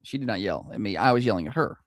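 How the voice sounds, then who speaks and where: A man's voice: lowish voice, expressive, fast talker, no room sound, clean studio sound. A man co-hosting a radio morning show, chatting and teasing his co-host, laughing often. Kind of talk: casual banter.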